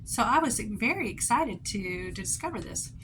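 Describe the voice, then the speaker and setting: A woman in her fifties talks through a homemade craft project in a loose show-and-tell way. Her voice is bright and forward, and she rambles cheerfully, breaking into sudden excitement. Her pitch sits in the middle, and a faint hiss of room noise runs underneath. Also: moderate pace. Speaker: craft vlogger. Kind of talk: casual show-and-tell tutorial.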